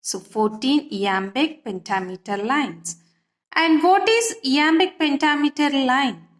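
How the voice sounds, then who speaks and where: A woman's voice: high-pitched, lively intonation. A woman teaching literature in an online lesson, patient and repetitive, often checking that students follow. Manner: slow, patient, repeats key points and checks understanding.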